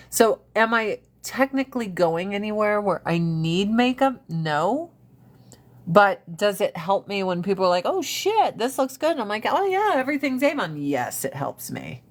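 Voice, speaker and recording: Woman, casual livestream host on a phone, blunt, profane and animated. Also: medium pitch.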